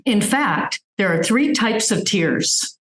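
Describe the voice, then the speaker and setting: A woman's voice: mid-range voice, lively intonation, takes it slowly, a bit bright, reverberant, low-quality recording. A woman physician giving a webinar talk, earnestly explaining with everyday examples over a video call. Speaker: physician guest speaker.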